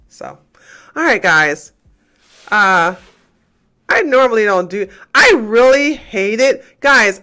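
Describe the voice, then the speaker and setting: A woman from the US, hosting a casual livestream and talking emphatically to her chat. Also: medium pitch. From Georgia, USA. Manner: animated, emphatic, talks to chat, swings between loud outbursts and muttering. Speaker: livestream host.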